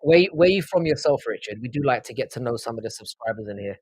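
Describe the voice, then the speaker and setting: Husky South London man rambling on stream. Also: mid-range voice, animated, quick pace, darkish tone, no room sound, low-quality recording. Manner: rambling, profane banter, answers viewers' chat. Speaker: livestream host. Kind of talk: casual live-stream chat.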